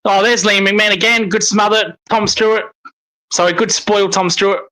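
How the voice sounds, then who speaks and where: A man commenting live on a football match as a fan, excitable and swearing when frustrated. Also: high voice, moderate pace, low-quality recording. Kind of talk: live watch-along commentary.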